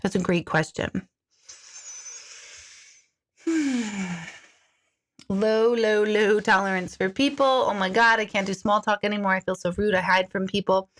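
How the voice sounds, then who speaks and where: A woman's voice: medium pitch, fairly even intonation, unhurried, long pauses, fairly bright tone. A middle-aged woman, a life coach, talking candidly on a live stream, mocking herself and swearing freely. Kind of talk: casual live-stream monologue.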